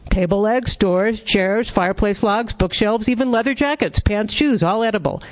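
A man voicing a smart male dog who lectures his pack in a calm, explanatory way. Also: high voice, moderate pace, natural voice. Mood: instructive.

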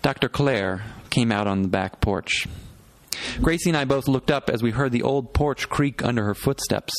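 Man reading a reflective first-person novel. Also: mid-range voice. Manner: measured, reflective, phrase-by-phrase pacing. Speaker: audiobook narrator. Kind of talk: first-person literary narration.

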